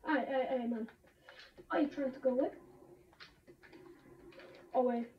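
A woman streaming a game, chatting excitably with sudden shouts and laughs. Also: high-pitched, unhurried. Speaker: gamer streaming a match. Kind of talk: excited gaming commentary. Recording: roomy, distant, dull lo-fi sound with faint noise.

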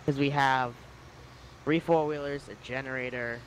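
A man talking with a friend over voice chat on a gaming stream, telling a story haltingly with lots of fillers. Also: mid-range voice, steady tone, a little hiss or hum, rough recording. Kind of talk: casual chat on a livestream.

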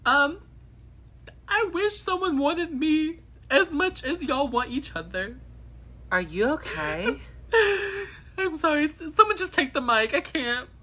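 A woman's voice: high voice, expressive, moderate pace, a bit bright. A woman acting out every part in short comedy sketches in a sassy, dramatic way. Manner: sassy, dramatic, switches between characters.

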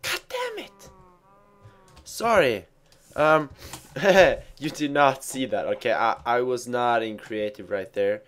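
A man's voice: medium pitch, measured pace, a bit bright. A man giving casual let's play commentary while he plays, rambling and mocking himself with stumbling restarts. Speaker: gamer.

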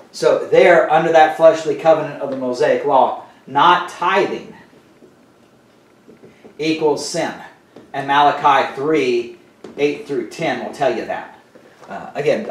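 A man's voice: mid-range voice, echoey room, distant mic. A man teaching verse by verse in a loose, conversational way, full of fillers and asides. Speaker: Bible teacher. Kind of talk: casual Bible teaching.

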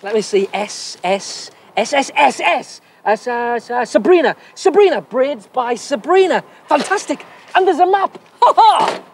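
A young man presenting children's TV, talking to himself in an excitable, giggly comic sketch. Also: extremely high pitch, measured pace, hardly any pauses, background noise. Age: young adult.

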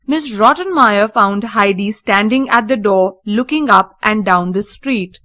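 A woman reading a children's story aloud, slow, clear and deliberate. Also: medium pitch, bright, forceful tone, no room sound, clean studio sound.

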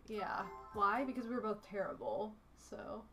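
A young woman live-streaming a party card game, chatting casually and teasing her partner with animated exclamations. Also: medium pitch, normal speed, soft background music.

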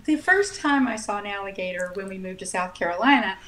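A woman author chatting casually as an interview guest, telling stories with animated laughs. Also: mid-range voice, fairly quick, slight background noise.

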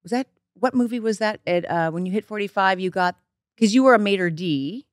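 A woman's voice: mid-range voice, brisk, no room sound, clean studio sound. A middle-aged woman hosting a podcast, interviewing a guest with an enthusiastic, rambling manner. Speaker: podcast host. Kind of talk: casual interview chat.

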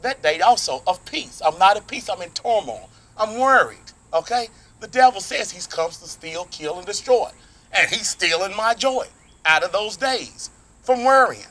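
A man preaching a short online sermon outdoors, in an animated, folksy way, often checking in with his listeners. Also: high-pitched, normal speed. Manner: animated, folksy preaching with call-and-response asides. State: sweating in the heat. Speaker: pastor.

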